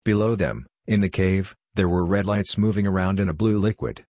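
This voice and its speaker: A man narrating a science-fiction story in plain, even scripted narration. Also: sits low, moderate pace, no echo, studio quality.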